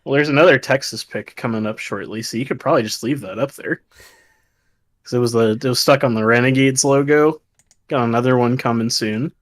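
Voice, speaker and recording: A man's voice: mid-range voice, fairly quick, dry recording, clean studio sound. A man co-hosting a casual draft show, talking in a laid-back way.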